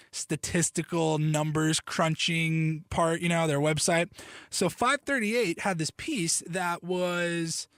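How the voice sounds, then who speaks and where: A man talking on his solo sports podcast in a bright, high-pitched voice. He rambles in a joking, animated way, drops the odd curse and keeps cutting himself off to restart. The recording is close and dry, with no room sound. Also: no echo. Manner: animated, joking, loose and profane; self-interrupting, restarts sentences. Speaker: podcast host.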